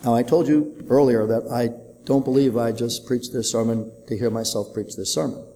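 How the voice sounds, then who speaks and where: A man's voice: steady tone, normal speed, warm tone, in a large hall, a little hiss or hum, low-quality recording. A male pastor delivering a sermon, telling a dramatic story and acting out the voices of the people in it. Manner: dramatic storytelling, voicing characters with raised pitch. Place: church sanctuary.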